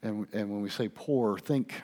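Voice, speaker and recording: A male pastor preaching a sermon, asking his listeners questions and swinging between hushed asides and loud emphasis. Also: on the low side, moderate pace. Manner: conversational, asks the congregation questions.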